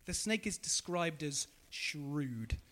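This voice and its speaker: A male preacher giving a sermon in a high, bright voice that swoops all over as he talks. He keeps putting questions to the congregation and echoing back their answers. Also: animated, slow.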